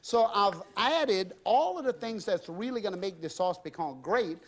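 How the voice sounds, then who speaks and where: A middle-aged man with a Louisiana drawl hosts a cooking demonstration from a home kitchen. His voice sits fairly high for a man. He is exuberant and folksy, chatting away and addressing viewers as "y'all". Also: lively intonation, normal speed. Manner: folksy and exuberant, often says "y'all" and "I tell you". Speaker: TV cooking show host.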